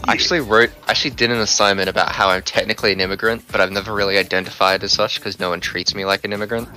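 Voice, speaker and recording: A man banters on a gaming stream, quick to joke. His voice sits low but sounds bright and forceful, with faint music behind. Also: fairly even intonation, rough recording. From born in England, raised in South Australia. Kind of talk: casual chat while gaming.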